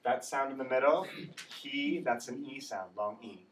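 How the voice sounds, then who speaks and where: A man's voice: mid-range voice, moderate pace, crowd noise. A male English teacher running a classroom pronunciation drill, patiently saying words for the class to repeat and checking in with "right?". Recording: distant classroom recording.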